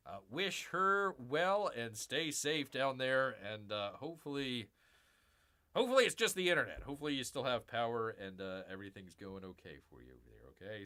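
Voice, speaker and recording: A man's voice: mid-range voice, sharp tone. A man hosting a casual live stream, rambling chattily to his viewers and calling himself Bear. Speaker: livestream host.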